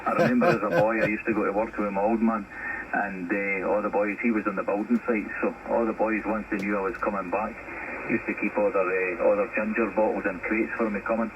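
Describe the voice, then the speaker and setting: Low-voiced Scottish man over radio. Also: brisk, very noisy. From Scotland. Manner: relaxed, storytelling, uses 'wee' and 'aye'. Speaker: ham radio operator. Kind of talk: casual radio contact chat. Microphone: heard over a shortwave radio. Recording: muffled radio reception.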